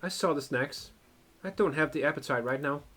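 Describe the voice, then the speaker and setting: Man reading a terse, reserved young woman, flat and clipped. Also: on the high side, normal speed. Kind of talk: reading game dialogue aloud.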